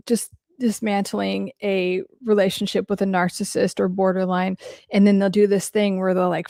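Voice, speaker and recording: A woman's voice: medium pitch, creaky, dark tone, dry recording, studio quality. A woman hosting a mental health podcast who talks casually and bluntly, swearing freely and saying "like" a lot as she answers listener questions. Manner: blunt and frank, swears casually, heavy use of "like".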